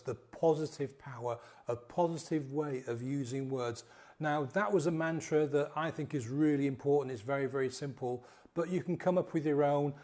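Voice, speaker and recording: A middle-aged man, a coach, guiding listeners through a repeated mantra and then explaining it. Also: on the high side. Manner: slow, soft, repetitive guiding. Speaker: sobriety coach. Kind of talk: guided mantra meditation and talk.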